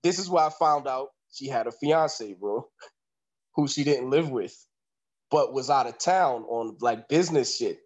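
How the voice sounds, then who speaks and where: A man casually telling a story in profane, animated slang, often breaking into laughter. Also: medium pitch, measured pace. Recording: dull lo-fi recording.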